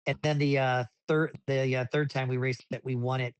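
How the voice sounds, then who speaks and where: A man's voice: mid-range voice, normal speed, clean tone, no room sound. Rambling man, dry close mic. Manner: rambling with frequent restarts, animated when retelling. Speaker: desert racing driver, podcast guest. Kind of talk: casual interview storytelling.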